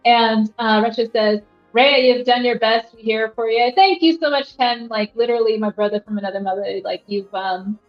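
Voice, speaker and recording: A woman's voice: fairly high pitch, normal speed, faint music behind. A young woman hosting a casual livestream, rambling with lots of fillers and reading chat aloud from a rented apartment. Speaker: livestream host. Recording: roomy, slightly dull sound.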